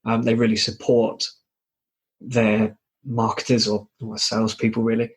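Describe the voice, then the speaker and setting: A man hosting a business podcast in a casual, rambling way. His voice sits low with a flat, even delivery and a slightly husky edge. He hedges often and fills pauses with ums. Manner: rambling, hedging with many fillers. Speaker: podcast host. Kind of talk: casual interview chat.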